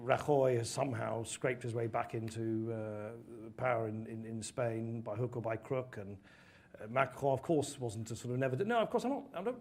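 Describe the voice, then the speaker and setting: Husky British man, earnest and animated. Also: medium pitch. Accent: British English. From United Kingdom. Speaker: guest speaker, former politician. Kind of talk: conversational interview answers.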